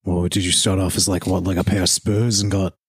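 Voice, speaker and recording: A fairly low, husky male voice, talking through a tabletop role-play in a loose, halting way, full of "like"s. Dry, close sound. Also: flat delivery, no room sound. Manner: hesitant, lots of "like". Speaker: player. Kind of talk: casual in-character role-play.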